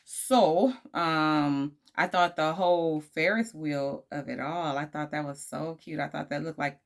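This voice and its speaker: A woman with a low-sitting, unhurried voice casually reviews a dating show, sassy and full of slang. She breaks into laughing asides and is tired from recording late at night.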